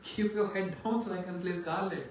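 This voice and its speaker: A man's voice: sits high, steady tone, normal speed, a little hiss or hum, close to an everyday voice. A man voicing a shy young bride who pleads, in an echoey room from far off. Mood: pleading.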